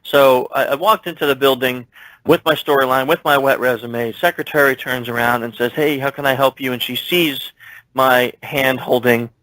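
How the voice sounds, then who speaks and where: A man's voice: medium pitch, normal speed, no room sound, low-quality recording. A man guest in an interview, telling a story from his work and acting out the dialogue in it. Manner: animated, acts out dialogue in his stories. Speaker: security expert guest. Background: speaking while standing at his desk.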